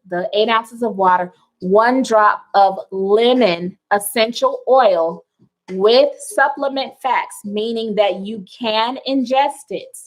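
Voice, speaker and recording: A woman's voice: mid-range voice, fairly bright tone, rough recording. A young woman chatting casually on a livestream from home, laughing often and talking to viewers by name. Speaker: wellness livestream host. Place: at home indoors.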